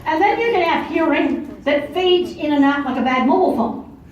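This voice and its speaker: Older woman, blunt and emphatic lecturer, high voice, distant in a big echoing hall. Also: animated, moderate pace. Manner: blunt, matter-of-fact, emphatic. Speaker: speaker giving a lecture. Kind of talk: conference talk. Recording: far-off echoey hall, dull lo-fi audio.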